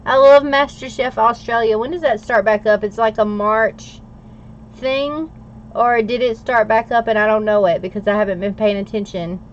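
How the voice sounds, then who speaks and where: A woman's voice: on the high side, fairly even intonation, normal speed, dull audio, slight background noise. An American woman hosting a livestream, chatting casually with viewers and laughing often as she works. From United States. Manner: chatty, laughs often, talks while working. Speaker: planner livestream host. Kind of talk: casual chat with live viewers.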